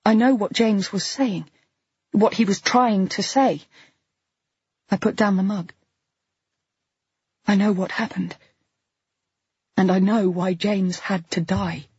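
A woman narrating a first-person audiobook with a husky, breathy tone and a tense, intimate delivery. The recording is dry and close, slightly dull at the top end. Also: mid-range voice, steady tone, slow, long pauses, darkish tone, no room sound.

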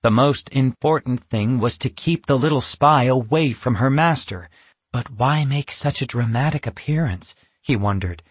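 A man narrating a children's storybook in a steady, even reading voice. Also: medium pitch, moderate pace, slightly rough, no room sound.

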